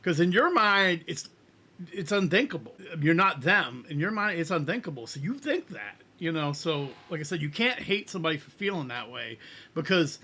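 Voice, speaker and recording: A man's voice: on the high side, pushed and bright. A middle-aged man hosting a music reaction, talking earnestly in a rambling way with frequent restarts. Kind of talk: casual reaction commentary.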